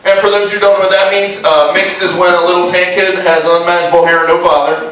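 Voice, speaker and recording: A man's voice: high voice, little pitch movement, fast, very noisy. A man with a Baltimore accent doing a crude, self-mocking stand-up set, bantering with the crowd at a live comedy show. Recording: echoey live club from far off, loud crowd.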